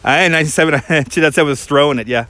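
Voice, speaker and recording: A man with a Brooklyn accent talks casually into a handheld phone while walking outdoors through a park. His voice sits a little high for a man, and he rambles quickly with frequent restarts, like a tour guide chatting with viewers. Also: pushed and bright. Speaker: tour guide and livestream host.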